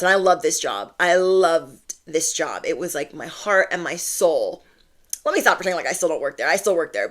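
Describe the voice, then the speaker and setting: A young woman talks straight to her audience in a casual storytelling vlog. She is blunt and full of slang. She slips into the voices of the people in her story as she goes. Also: fairly low pitch. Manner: animated, acts out quoted voices, slangy and blunt. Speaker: spiritual content creator.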